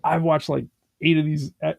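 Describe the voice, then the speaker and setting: A man co-hosting a podcast, retelling a show in a rambling, animated way full of fillers and restarts. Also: on the high side, moderate pace, vocal fry, no room sound, clean studio sound. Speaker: podcast co-host. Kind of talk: casual conversational chat.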